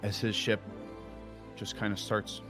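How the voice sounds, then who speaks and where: A man's voice: fairly low pitch, flat delivery, unhurried, music in the background. A man narrating a tabletop game as game master, describing scenes in a casual, rambling way full of likes and uhs.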